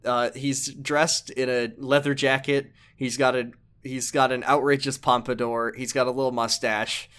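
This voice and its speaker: A man's voice: medium pitch, level tone, normal speed, hardly any pauses, fairly bright tone, clear, resonant tone. Joking young man recapping a game. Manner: jokey, rambling, lots of fillers. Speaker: podcast co-host recapping a video game. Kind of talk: casual chat.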